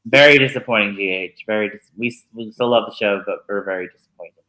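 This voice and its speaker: Male podcast co-host, bright tone, easygoing and quick to laugh. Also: lowish voice, low-quality recording. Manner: chatty, agreeable, laughs a lot. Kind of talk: casual chat.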